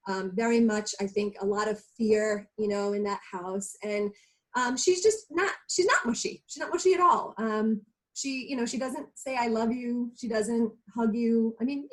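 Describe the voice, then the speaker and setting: A woman's voice: on the high side, rough recording. Effusive woman on a video call. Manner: earnest, effusive, many fillers. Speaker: regular of a women's talk show. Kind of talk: casual heartfelt chat.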